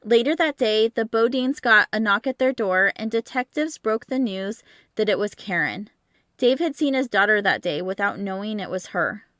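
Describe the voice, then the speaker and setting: A woman podcast host reading a scripted narration in a measured, even way. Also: mid-range voice, no echo, clean studio sound.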